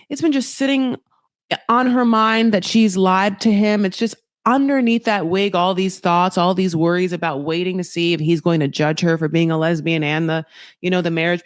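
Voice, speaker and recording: A woman's voice: mid-range voice, dry recording. Chatty gossiping woman, dry close mic. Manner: chatty, gossipy, animated, full of asides and quoted voices. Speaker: podcast host recapping reality TV. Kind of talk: casual chat.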